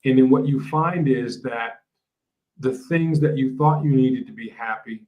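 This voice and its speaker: A man speaking as a life coach guest in an interview, reflective and halting, with many fillers and restarts. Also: mid-range voice, muffled recording. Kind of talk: casual interview talk. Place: lives in a large city.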